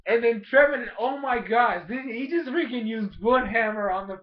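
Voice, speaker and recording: Male reviewer, high voice, excitable casual recap with lots of fillers, dull lo-fi sound. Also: moderate pace. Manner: animated, fills speech with "like", mild cursing. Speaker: episode reviewer.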